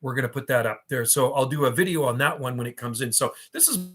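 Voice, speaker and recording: Man in his fifties, livestream host, chatty rambling reminiscer, mid-pitched voice. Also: quick pace. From Canada. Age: 50s. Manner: rambling and reminiscing, answering chat. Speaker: livestream host and radio hobbyist. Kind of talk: casual livestream chat.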